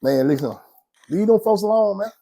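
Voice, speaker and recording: A man's voice: high-pitched, expressive, moderate pace, dark tone. A man, casually telling his own story in a slangy, rambling way and often checking in with the listener. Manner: slangy, rambling, keeps asking "you know what I'm saying".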